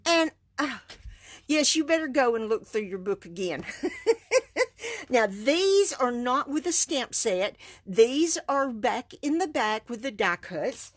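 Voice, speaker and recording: A woman's voice: fairly high pitch, big pitch swings, slow, dry recording, studio quality. A woman, chatting through a live card-making demonstration, enthusiastic and laughing often. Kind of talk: casual live stream demonstration.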